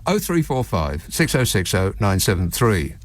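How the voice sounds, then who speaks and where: Sarky radio host guy, swoopy animated delivery, laughs at his own gags. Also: fairly low pitch, moderate pace, no echo. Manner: sardonic, mocking, chuckles at his own jokes. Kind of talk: late-night talk radio monologue.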